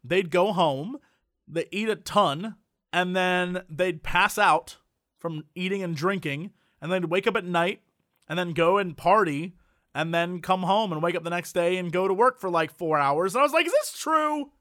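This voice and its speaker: A man hosting a comedy podcast, talking in an animated, rambling, riffing way. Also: sits high, normal speed, no echo, studio quality. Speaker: podcast host. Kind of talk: casual comedic chat.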